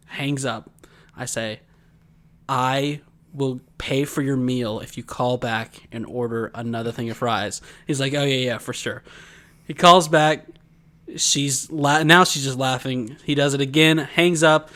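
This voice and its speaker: A man's voice: medium pitch, steady tone, unhurried, pushed and bright. A man co-hosting a casual podcast, telling long rambling stories and laughing often. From Georgia, USA. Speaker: podcast co-host. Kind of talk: casual chat.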